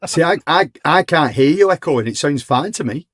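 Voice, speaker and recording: A man's voice: on the high side, lively intonation, moderate pace, fairly bright tone, no room sound. Laid-back northern English man. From England. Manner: laid-back, brief replies, occasional swearing. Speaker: guest co-host. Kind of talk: casual live-stream chat. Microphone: remote video-call stream mic.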